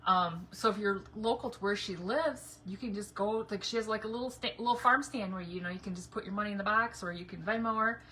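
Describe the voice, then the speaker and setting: A woman's voice: medium pitch, a little fast, hardly any pauses, pushed and bright. Chatty woman crafting on a livestream. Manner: chatty, rambling, laughs often. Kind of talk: casual live-stream chat while painting. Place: home yard or garage. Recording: noisy home livestream audio.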